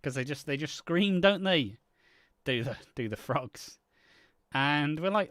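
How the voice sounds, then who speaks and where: Young british guy rambling and cursing, bouncy pitch, dry close sound. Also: expressive, a little slow, fairly bright tone, no echo. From Britain. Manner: rambling storyteller, swears a lot. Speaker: co-host of a soap opera channel. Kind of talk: live stream casual chat.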